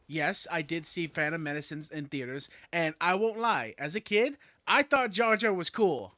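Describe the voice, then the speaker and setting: Bright, excitable rambling male streamer. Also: fairly high pitch, moderate pace, hardly any pauses, dry recording. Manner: rambling, excitable, swears, many fillers. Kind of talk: casual gaming stream chat.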